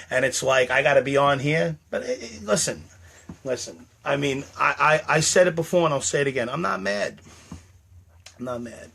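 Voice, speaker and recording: A man's voice: fairly high pitch, a bit bright. A middle-aged man talking alone on a live stream, rambling and defensive, repeating himself and insisting he is not mad. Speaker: livestreamer.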